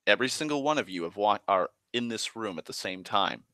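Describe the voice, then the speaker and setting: A man voicing a calm, fatherly male elf god who speaks in a quiet, measured, patient way while retelling a tabletop game. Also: on the low side, no room sound. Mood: explaining.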